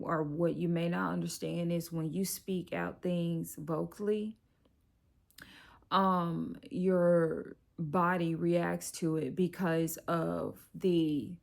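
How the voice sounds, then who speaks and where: A woman's voice: on the low side, vocal fry. A middle-aged woman, a life coach, giving an encouraging, conversational tarot reading that turns slightly preachy. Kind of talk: direct-to-camera tarot reading.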